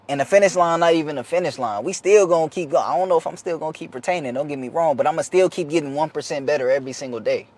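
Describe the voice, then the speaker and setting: A man's voice: on the high side, a little mellow, no echo. A young man talking casually to the camera, giving an earnest, slangy, repetitive motivational talk as a vlogger.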